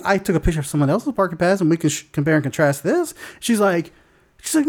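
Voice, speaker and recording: Dude podcast host telling a story, kinda high voice, all over the place, swears a lot, keeps laughing. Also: male voice, fast. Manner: animated, profane, laughs often, acts out other voices. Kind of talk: casual storytelling chat.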